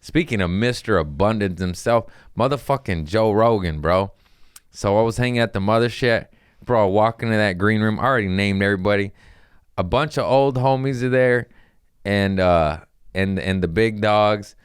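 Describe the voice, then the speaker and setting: A young adult man, a comedian hosting a podcast, telling stories in an animated, profane, self-mocking way with quick laughs. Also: on the low side, smooth, no room sound, clean studio sound. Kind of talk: casual storytelling monologue.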